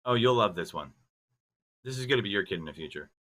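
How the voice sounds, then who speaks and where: A man with a low but very lively voice and a bright, forceful tone, bantering and teasing as a podcast co-host. He talks casually and jokes a lot. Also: fast. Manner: joking, animated banter. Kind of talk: casual chat.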